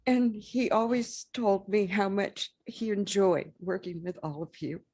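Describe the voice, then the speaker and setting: A woman thanking a public meeting on her late husband's behalf, speaking in an emotional, halting, heartfelt way. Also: mid-range voice, steady tone, a little mellow, breathy edge. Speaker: widow of honoree. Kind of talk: brief thank-you remarks.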